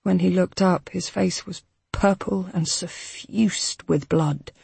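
Brief: woman audiobook reader, unhurried, husky, close and dry. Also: lowish voice, steady tone, a little mellow, no room sound. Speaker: audiobook narrator. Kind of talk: scripted novel narration.

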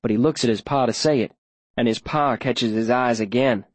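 A man's voice: medium pitch, moderate pace, no room sound. Man narrating a first-person audiobook.

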